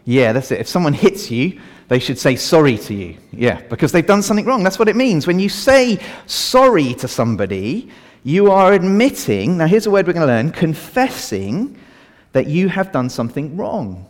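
A man with a voice on the high side delivers an all-age sermon at normal speed, his words echoing around a church hall. Animated throughout, he quizzes the congregation and then leads a prayer.

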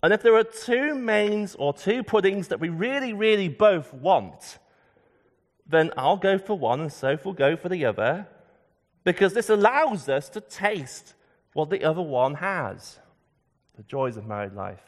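Male preacher, thirties, higher voice with animated pitch, reverberant church hall. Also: a little slow. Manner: emphatic, dropping low and soft on key words. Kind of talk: sermon. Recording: long reverb of a large hall.

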